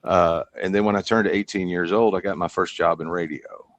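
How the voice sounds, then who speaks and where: In a casual storytelling interview, this fifty-something Kentucky comedian and hypnotist rambles chattily as a podcast guest. The voice is low and steady, fairly quick, with no echo.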